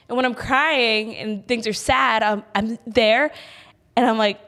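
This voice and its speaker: A young adult woman co-hosting a podcast in casual chat, talking in an animated, giggly way. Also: medium pitch, normal speed. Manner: animated, giggly, visual storyteller. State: pregnant. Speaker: podcast co-host.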